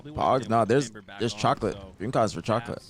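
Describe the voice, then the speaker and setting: A man's voice: mid-range voice, fairly quick. A man co-hosting a stream in casual chat, laid-back and slangy, often repeating himself. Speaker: co-host.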